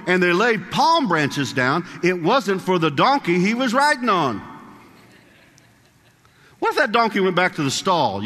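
Brief: a male preacher with a high-ish, forceful voice, chatty with the congregation, long hall reverb. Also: very animated. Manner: conversational, asks the congregation questions, reads scripture slowly. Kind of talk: sermon.

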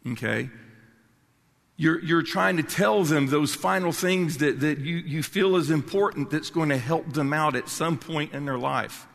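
A man's voice: a little high, a little slow, creaky, a bit bright. An older man, preaching a sermon with passion and emphasis and often restarting his words. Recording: long reverb of a large hall.

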